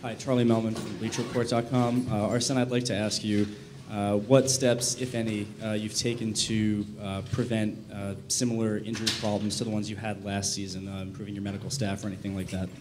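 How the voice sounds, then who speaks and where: A man, a reporter, asking a press conference question haltingly, with many uhs. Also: fairly low pitch, little pitch movement, darkish tone, a little hiss or hum.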